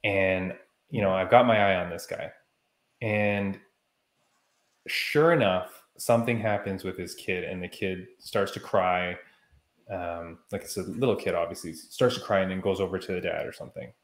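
A man co-hosting a podcast, telling a story in a heated, animated way during casual chat. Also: sits low, normal speed, roomy sound. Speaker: podcast co-host.

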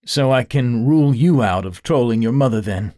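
A man's voice: mid-range voice, animated, moderate pace, a little mellow, no echo, clean studio sound, pitched above the performer's own voice, close to an everyday voice. A man doing Kyle, a wisecracking ex-cop detective. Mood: wry. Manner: joking, prodding.

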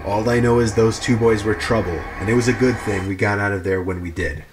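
A man reading true horror stories aloud in an even, measured narration. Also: on the low side, background noise. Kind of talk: scripted narration.

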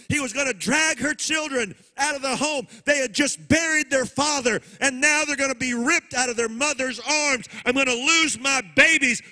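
High, bright impassioned preaching man. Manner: impassioned preaching, rising to shouts and near-singing cadence. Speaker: pastor. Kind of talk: sermon. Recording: live church sermon.

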